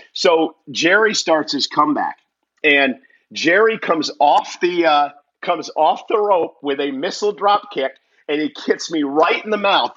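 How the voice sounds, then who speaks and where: A man with a bright, forceful, somewhat husky voice tells a personal story with energy and frequent laughter. His pitch sits a bit high for a man. The recording sounds dull and lo-fi. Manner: lively storyteller, laughs often. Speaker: wrestling commentator telling a story as a guest. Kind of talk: animated personal anecdote.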